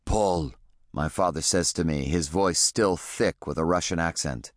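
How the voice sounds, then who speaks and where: A man reading an audiobook in the first person, with measured, reflective storytelling. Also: low voice, fairly bright tone, dry recording, studio quality. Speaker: audiobook narrator.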